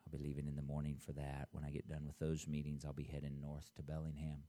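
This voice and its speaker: A man, the pastor, giving church announcements and then preaching a sermon, leading call-and-response and reading scripture aloud slowly. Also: very deep voice, completely flat delivery, warm tone. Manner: reads scripture aloud in a slow, drawn-out voice.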